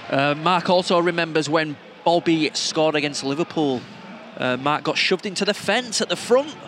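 Male podcast co-host, slightly high voice, wry and chatty, recorded at an outdoor stadium with faint background noise. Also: normal speed, fairly bright tone. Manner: reads out listener messages, chatty and wry. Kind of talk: casual football podcast chat from the stands. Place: football stadium stands, outdoors.

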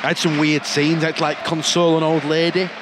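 A young man, bantering jokily and excitably at a football match. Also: a little high, fast. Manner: jokey, excitable, laughs often. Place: outdoor football stadium. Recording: noisy stadium crowd behind.

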